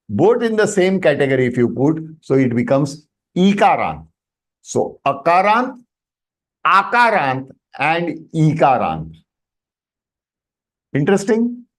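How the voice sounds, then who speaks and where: Lively Indian man teaching an online class. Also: on the high side, unhurried. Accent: Indian English. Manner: animated explaining, often checks with "Am I right?"; mixes Hindi phrases into English. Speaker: Sanskrit teacher.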